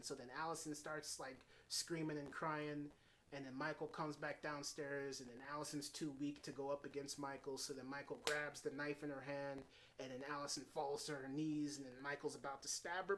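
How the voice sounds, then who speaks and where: Excitable, foul-mouthed man reviewing a film. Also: fairly high pitch, a little hiss or hum. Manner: excitable, swears freely, strings events with "and then". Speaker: movie reviewer. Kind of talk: casual spoken spoiler review.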